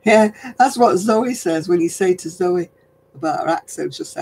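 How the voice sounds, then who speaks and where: An older woman from northern England with a softened regional accent, hosting a casual craft live stream, chatting with viewers and chuckling often. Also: lowish voice, animated, moderate pace, husky, low-quality recording. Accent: softened northern English. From Oldham, England. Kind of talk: casual chat answering viewer comments.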